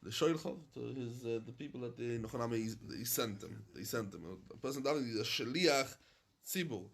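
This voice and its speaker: A man's voice: mid-range voice, creaky, fairly bright tone, breathy edge. Rabbi man teaching a talmud class, singsong over the text then explains it plainly, lots of restarts. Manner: chanting the Aramaic text, then explaining it in English; halting, with frequent restarts and repetition. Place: study hall in London.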